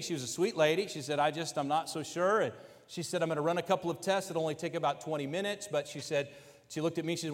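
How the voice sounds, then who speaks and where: A man telling a story in a reverberant hall. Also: fairly high pitch. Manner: animated, quotes others in lively asides. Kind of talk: personal story told to an audience.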